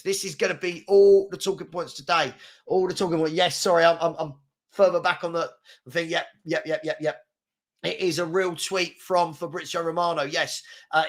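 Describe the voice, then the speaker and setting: A man's voice: fairly high pitch, pushed and bright. A man hosting a casual live football chat, reading out viewer comments in a rambling, slangy way and repeating himself. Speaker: football chat show host.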